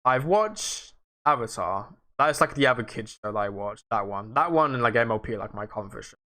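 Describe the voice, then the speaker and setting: A young man hosting a casual livestream rambles through viewer questions, loose and self-mocking, swearing now and then. His voice is an ordinary male pitch, expressive, pushed, and bright, at normal speed.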